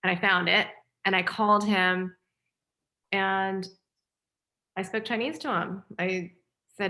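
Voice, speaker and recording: A woman film director on a panel, telling a story with lively acted-out dialogue. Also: mid-range voice, unhurried, long pauses.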